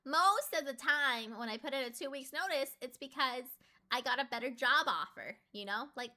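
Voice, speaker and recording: A young adult woman chatting casually with her stream, full of fillers and sudden jumps up in pitch when she gets excited. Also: normal speed.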